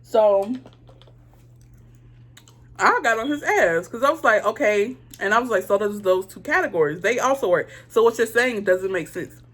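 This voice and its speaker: A woman doing her makeup on camera while she tells a story. She talks to her viewers directly, in a casual way, and she is blunt, indignant and swears freely. Her voice sits at a middle pitch for a woman. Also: animated, normal speed, a bit bright. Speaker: beauty vlogger.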